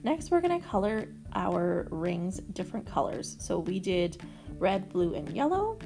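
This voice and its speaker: Canadian woman walking kids through a craft, gravelly voice, music underneath. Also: fairly low pitch, a little slow. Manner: step-by-step, relaxed with fillers. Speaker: library staff leading a craft. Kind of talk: craft tutorial voice-over.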